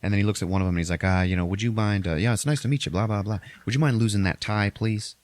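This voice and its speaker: A man hosting a podcast, casually retelling a movie plot in a rambling, profane way and briefly acting out characters in exaggerated high voices. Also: very fast. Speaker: podcast host recapping a movie. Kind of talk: casual chat.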